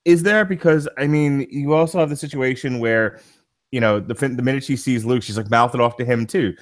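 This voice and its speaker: A man's voice: mid-range voice, fairly quick. A male co-host with an ordinary mid-range voice. He argues his side in a playful, joking way and slips into quoted movie lines to make his point. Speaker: podcast co-host. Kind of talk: casual podcast discussion.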